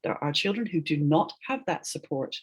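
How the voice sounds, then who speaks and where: A woman's voice: deep voice, animated, normal speed, husky. A woman who is a linguist, giving emphatic, explanatory answers as an interview guest and often tagging her points with "right?". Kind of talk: animated explanatory interview talk.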